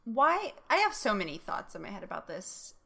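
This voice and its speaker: A woman's voice: medium pitch, huge pitch swings, moderate pace, creaky, bright, forceful tone, slightly rough. A woman co-hosting a podcast, chatting casually and speaking bluntly and frankly. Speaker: podcast co-host. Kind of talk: casual chat.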